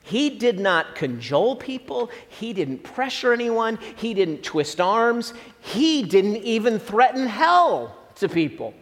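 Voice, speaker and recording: A middle-aged male pastor preaches in a high, lively voice that rises and falls a lot. He talks to his congregation in a casual, conversational way with asides. The recording carries a long hall reverb. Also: slow, few pauses. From Southern Illinois. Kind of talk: sermon.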